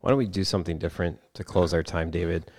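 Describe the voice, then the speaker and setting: A man's voice: deep voice, fairly even intonation, fast, darkish tone, no echo, studio quality. A man hosting a faith podcast, talking casually with many fillers. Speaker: podcast host. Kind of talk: podcast conversation.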